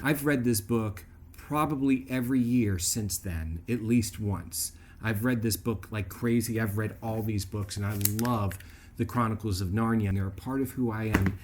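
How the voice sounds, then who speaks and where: A man hosting his own video, telling a childhood story in a chatty, animated way that turns into a faith message, often checking in with "right?". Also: on the low side, normal speed, slight background noise. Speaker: video host.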